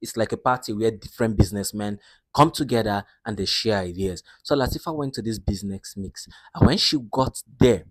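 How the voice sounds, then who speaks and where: A man's voice: on the low side, a little fast, dry recording. A man casually retelling a film's story in a chatty, repetitive way. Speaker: movie recap narrator.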